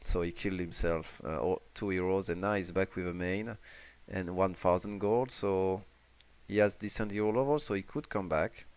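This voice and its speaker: A man's voice: low voice, fairly even intonation, normal speed, a little mellow, clean tone. A man with a French accent casting a strategy game casually, talking hesitantly with many fillers and restarts. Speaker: esports caster.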